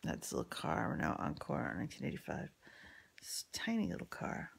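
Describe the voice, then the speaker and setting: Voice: medium pitch, huge pitch swings, normal speed, creaky, husky. A speaker telling a rambling personal story in casual talk, swearing freely, full of fillers and restarts, often dropping into whispered asides. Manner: drops into unvoiced whispery asides.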